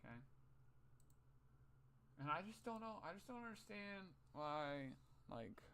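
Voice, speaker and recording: A man's voice: sits high, very animated, unhurried, vocal fry, pushed and bright, slight background noise. A young man vlogging in a casual, rambling, profane monologue, often muttering to himself.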